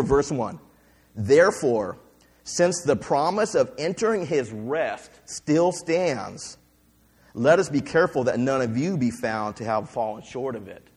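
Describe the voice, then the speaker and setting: A male pastor preaching a sermon, retelling scripture in a lively storytelling way and acting out the voices of the people he quotes. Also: on the high side, husky. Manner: fillers and restarts.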